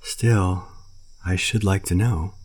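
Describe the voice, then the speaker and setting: A proud black panther from a jungle storybook, voiced by a man telling the tale. He speaks with calm dignity in a very deep register. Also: takes it slowly, breathy edge, full character voice. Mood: cool. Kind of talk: storybook reading.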